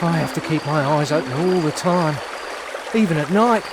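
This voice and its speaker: A man's voice: a little high, moderate pace, noisy background, lightly acted. A man doing a jittery night watchman. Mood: bossy. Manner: jittery, theatrical swings between sleepy and fired up. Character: drowsy, excitable night watchman guarding a cannon. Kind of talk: video game voice acting.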